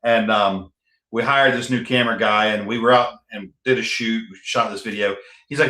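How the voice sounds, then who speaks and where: A man's voice: lowish voice, steady tone, fairly quick, pushed and bright, reverberant. A man hosting a podcast, telling stories in a blunt, profane way. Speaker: podcast host and author. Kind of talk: casual podcast chat.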